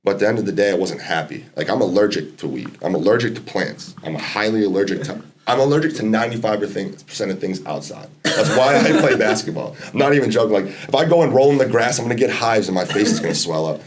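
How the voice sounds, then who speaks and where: A man's voice: lowish voice, expressive, fast, hardly any pauses. A man in his twenties, a podcast guest, telling a long casual story with lots of fillers and quoted dialogue. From Massachusetts, US. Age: 20s. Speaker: podcast guest, college basketball player.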